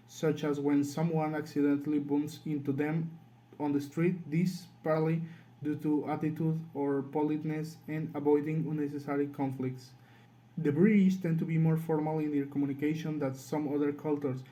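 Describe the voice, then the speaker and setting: A man's voice: on the high side, dark tone, rough recording. A man with a Latin American Spanish accent reading a class presentation from a script. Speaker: student presenter.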